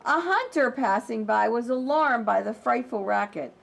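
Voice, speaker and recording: Expressive woman reading to preschoolers. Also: a little high, gravelly. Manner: slow, expressive and gentle, as if to small children. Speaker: preschool library teacher. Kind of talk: storybook read-aloud and lesson for preschoolers.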